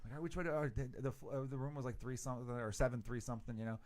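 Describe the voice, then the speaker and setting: A man's voice: medium pitch, very fast, a little mellow. A man in his thirties hosting a podcast, telling a story in casual chat, swearing and acting out quotes. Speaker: podcast host.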